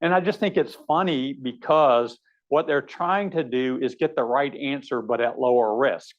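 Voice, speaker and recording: A man's voice: mid-range voice, normal speed, lo-fi sound. A man, a surgeon, giving a conversational teaching lecture, wry and anecdotal with frequent fillers. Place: lecture hall.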